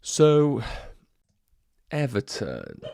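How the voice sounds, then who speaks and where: A man's voice: mid-range voice, huge pitch swings, very slow, creaky, darkish tone, no room sound. A man with a congested nose, chatting casually to viewers on a livestream, thinking aloud as he goes. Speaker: fantasy football streamer. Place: home room.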